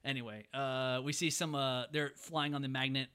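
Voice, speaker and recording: A young man casually recapping a movie as podcast co-host, animated, acting out characters' lines. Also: medium pitch, smooth. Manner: animated, acts out characters' lines in quick voices.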